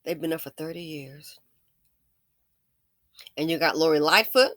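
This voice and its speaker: Woman, commentary host, angry rant, profane, scolding, tense bright tone, dry close sound. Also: deep voice, measured pace, no room sound.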